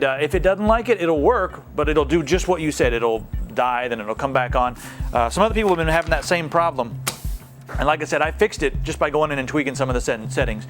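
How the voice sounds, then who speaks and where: Joking young man answering tech emails. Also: fairly high pitch. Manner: joking, playful asides. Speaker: host answering viewer emails. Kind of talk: casual tech Q&A.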